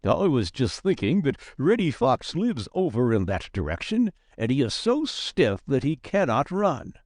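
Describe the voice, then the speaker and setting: A man's voice: medium pitch, wildly swooping pitch, a little slow, darkish tone, no room sound, studio quality. A man voicing a playful, mocking male raccoon who taunts in a sing-song way in a storybook reading. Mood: sober.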